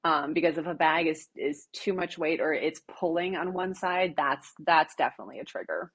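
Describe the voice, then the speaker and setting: A middle-aged woman with a Wisconsin accent, talking casually as a podcast guest. Her voice is a little low and husky, and she fills her pauses with "um" as she works through her thoughts. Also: fairly bright tone. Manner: many fillers and restarts, thoughtful. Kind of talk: casual interview chat.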